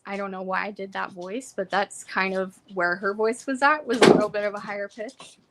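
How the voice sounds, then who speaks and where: A young adult woman casually recapping courtroom notes from home, reading quotes and adding quick asides. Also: mid-range voice, fairly even intonation, heavy background noise. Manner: reads court quotes then adds asides. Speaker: trial reporter. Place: home room with pets.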